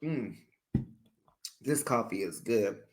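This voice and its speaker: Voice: lively intonation, slow, a little mellow. A host casually recapping a reality TV episode for viewers, opinionated and chatty, talking straight to the audience. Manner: chatty and opinionated, big playful jumps in pitch; talks straight to viewers as "besties".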